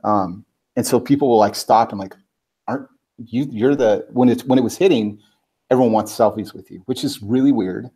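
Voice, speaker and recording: A man telling a personal story as a guest on a talk show, in a slightly low voice. His talk is loose and animated, packed with filler words. He slips into little acted-out quotes of what people said. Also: fairly quick, breathy edge. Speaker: guest, personal branding expert. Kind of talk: casual storytelling anecdote.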